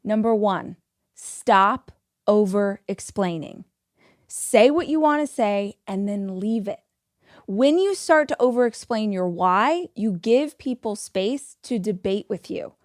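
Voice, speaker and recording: A woman's voice: medium pitch, lively intonation, slow pace, dry recording, studio quality. A woman in her forties hosting a podcast, giving firm, emphatic self-help advice in a motivational monologue. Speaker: podcast host.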